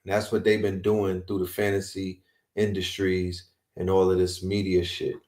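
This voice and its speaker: A man's voice: sits low, monotone, moderate pace, darkish tone, reverberant. A man co-hosting a livestream, talking in a rambling, slangy, emphatic way. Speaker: guest co-host. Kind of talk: casual chat.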